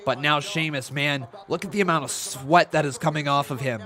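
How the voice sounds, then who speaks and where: Stream host, male, slightly higher voice, excitable play-by-play style. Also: a little fast. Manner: excitable, calls the action and counts along. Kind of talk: casual watch-along commentary.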